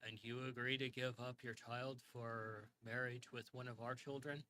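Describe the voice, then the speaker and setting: A man's voice: medium pitch, level tone, moderate pace, sharp tone, a little hiss or hum, lightly acted, rough recording. A man playing a pompous old king. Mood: condescending. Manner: dismissive, patronizing. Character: older pompous human king, condescending bureaucrat.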